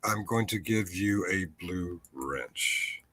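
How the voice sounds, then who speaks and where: A man's voice: sits low, lively intonation, takes it slowly, sharp tone. A man hosting a casual livestream chat, talking in a wry, rambling way that keeps breaking off and restarting. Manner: rambling, self-interrupting, wry. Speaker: livestream host.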